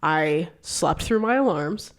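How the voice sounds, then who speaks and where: A young woman from the United States co-hosting a podcast, chatting casually and telling stories with animated energy and frequent swearing. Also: sits low, slow. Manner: animated storyteller, swears freely. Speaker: podcast co-host. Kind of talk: casual chat.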